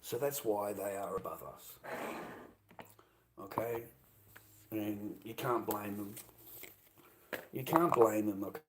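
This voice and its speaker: A man's voice: lowish voice, slow pace, pauses often, heavy background noise. A man with an Australian accent, rambling on a live stream in a coarse, slangy, combative way, often trailing off into mumbles. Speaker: livestreamer.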